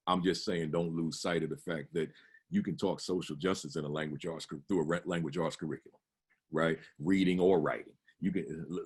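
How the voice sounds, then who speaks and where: Deep, husky man giving staff training. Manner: earnest, repeats words often, asks rhetorical questions. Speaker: school administrator leading staff training. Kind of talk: staff orientation talk.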